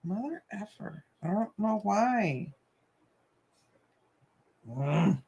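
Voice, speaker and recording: A woman's voice: mid-range voice, animated, drawn-out words, gravelly, warm tone, highs cut off. A woman hosting a casual live stream, telling chatty stories with mild cussing and Spanish asides while busy with a craft. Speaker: channel host.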